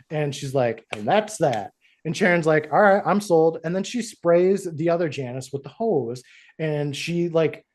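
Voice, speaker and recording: A man with a slightly higher voice hosts a podcast recap in a studio. He tells the story with lively energy and jumps into quick voices for each character as he goes. It is casual, chatty storytelling. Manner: animated storyteller who acts out character lines. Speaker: podcast host.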